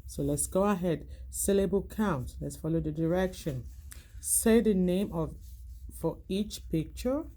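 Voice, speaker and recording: A woman teacher giving a language arts lesson to young children, calling out each word loud and slow, then asking quietly how many syllables it has. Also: fairly low pitch.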